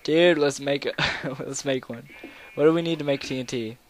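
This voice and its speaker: A man's voice: mid-range voice, moderate pace, slight background noise. Goofy rambling young man gaming. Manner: rambling, goofy, sudden loud outbursts. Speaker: gameplay commentator. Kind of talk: casual gaming commentary.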